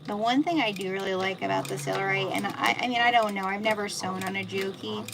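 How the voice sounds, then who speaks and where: A middle-aged woman with a Pennsylvania Dutch accent, chatting as she sews through a live tutorial and thinks out loud about each step. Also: medium pitch, steady tone, a little fast, vocal fry. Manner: chatty, thinking aloud while sewing. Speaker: sewing instructor. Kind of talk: live sew-along tutorial. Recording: noisy room with machine clicks.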